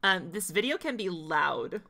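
A woman's voice: on the low side, very animated, measured pace, gravelly, sharp tone. A woman streaming a video game, chatting with viewers in a playful, giggly way. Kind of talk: casual gaming stream chat.

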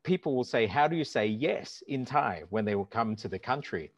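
A middle-aged man explaining language points in an animated, instructive way, speaking aloud examples as he goes. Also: mid-range voice, brisk. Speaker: language teacher and guest. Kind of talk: explanatory conversation. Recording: dull lo-fi call audio.

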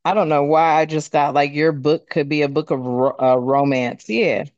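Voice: mid-range voice, fairly even intonation, moderate pace, a little mellow, dry recording, highs cut off. A tarot reader giving a casual card reading, talking bluntly with plenty of swearing and rambling fillers.

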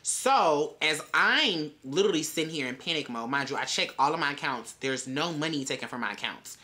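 A woman's voice: low voice, animated, brisk, pushed and bright. A young woman telling a wild story in a vlog, brash and full of swearing. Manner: brash, profane, chatty storytelling. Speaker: vlogger.

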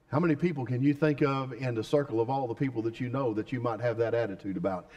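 A man's voice: medium pitch, fast, hardly any pauses, mellow. A male pastor preaching a sermon, emphatic and putting questions to the congregation.

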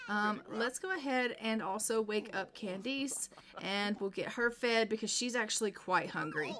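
A woman's voice: medium pitch, normal speed, few pauses, fairly bright tone. A woman casually narrating her life-simulation gameplay, chatting to the characters as she plays. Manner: chatty, talks to the game characters directly. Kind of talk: casual let's-play commentary.

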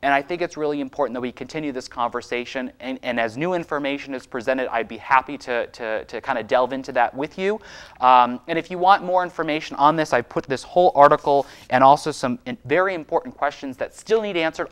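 A man's voice: mid-range voice, a little fast, smooth. Young guy from maine all riled up, hammering his points home on his show. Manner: fired-up, insistent, repetitive emphasis. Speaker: host and state legislator. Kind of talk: impassioned political commentary.

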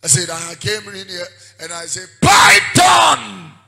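Fiery shouting Ghanaian preacher. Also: male voice, sits high, little pitch movement, moderate pace, faint music behind, poor audio. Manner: fiery, shouting preacher mixing Twi and English. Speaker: prophet preaching. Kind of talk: sermon.

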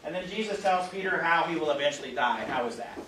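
In a fairly high, expressive voice and at a quick pace, a pastor with a Midwestern American accent teaches a Bible study in a church classroom. He keeps things conversational with many fillers and questions to the group. The distant mic yields a roomy sound and faint hiss.

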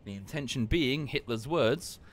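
A man casually commenting on a live game stream and explaining history at length in a relaxed, wry way. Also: medium pitch, measured pace.

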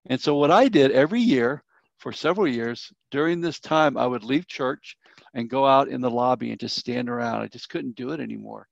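A man's voice: a little fast, gravelly, dry recording. Earnest man telling a story. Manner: earnest storytelling, sometimes drops to a soft low tone. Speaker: church elder teaching a grief workshop. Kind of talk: workshop teaching with personal story. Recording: slightly dull, dry sound.

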